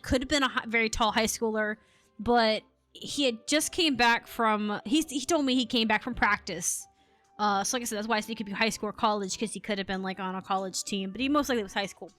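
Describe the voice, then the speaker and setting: A woman's voice: on the high side, brisk, fairly bright tone, soft background music. A young woman gaming streamer telling a story in casual chat, giggly and chatty. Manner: giggly, chatty, lots of laughing and voiced quotes. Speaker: game streamer. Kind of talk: casual storytelling while playing.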